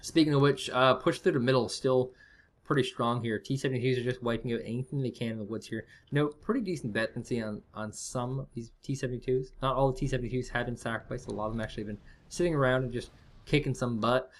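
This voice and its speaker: A man calls a strategy game match in loose, casual commentary. He rambles and jokes as he thinks aloud, in a voice of ordinary, middling pitch. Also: fast, a little hiss or hum. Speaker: esports caster.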